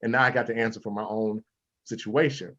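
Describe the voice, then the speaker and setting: A man's voice: lowish voice, fairly even intonation, fairly quick, bright, forceful tone. Male panelist, affirming and responsive, muffled lo-fi sound. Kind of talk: panel discussion.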